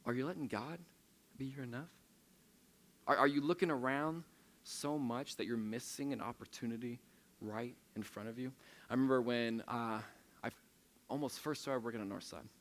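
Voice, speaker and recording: A man's voice: medium pitch, fairly bright tone. A young adult man preaching a sermon to a room of listeners in a casual, self-mocking, storytelling manner, often restarting his sentences. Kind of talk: conversational sermon. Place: church service in a room of listeners.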